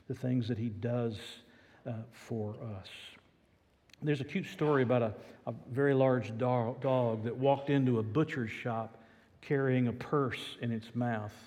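Male pastor, mid-pitch, earnest storytelling sermon, long hall reverb. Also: steady tone, a little slow, a little mellow.

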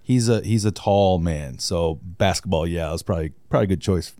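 Deep, dark-voiced male podcast host. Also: brisk, no echo. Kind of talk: casual podcast interview.

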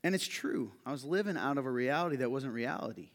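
A man preaching as a pastor, telling personal stories in an animated, joking way that swings from quiet asides to loud, excited delivery. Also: medium pitch, fast talker, a little hiss or hum. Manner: animated storytelling, shouting when quoting a friend. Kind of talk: sermon. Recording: long hall reverb.

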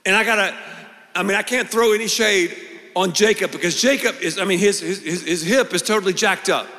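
Man, pastor, high bright voice, lively preaching, echoing church hall. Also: fairly quick. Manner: animated, emphatic preaching with repetitions. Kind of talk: sermon.

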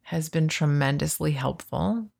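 A woman co-hosting a podcast, telling a story in casual chat, animated and laughing, acting out the voices she quotes. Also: deep voice, unhurried, vocal fry. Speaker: podcast co-host.

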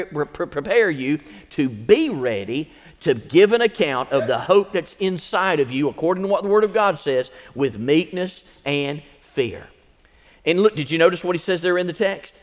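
A man preaching a sermon as pastor, moving from conversational storytelling to shouted, drawn-out exhortation. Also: high-pitched, in a large hall.

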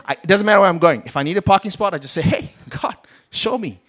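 A man's voice: sits high, rapid-fire, a bit bright. A man preaching a sermon with a British accent, acting out the Bible characters as he goes. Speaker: pastor.

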